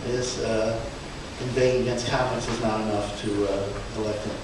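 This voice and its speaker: A man giving an informal slide presentation at a book event, speaking haltingly with many restarts and fillers and chuckling now and then. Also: lowish voice, little pitch movement. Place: event room in a museum. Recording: echoey room, far from mic, background noise.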